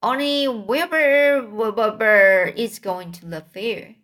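A woman's voice: fairly high pitch, slow, a bit bright. A woman voicing a stern mother goose who snaps at her children in a storybook reading. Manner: snappish, firm.

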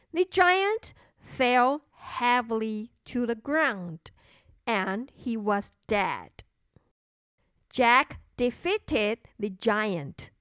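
A woman narrating a children's storybook and teaching English words, clearly and slowly, repeating words for learners. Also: a little high, a bit bright, no echo, studio quality. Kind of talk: bilingual children's story narration and vocabulary lesson.

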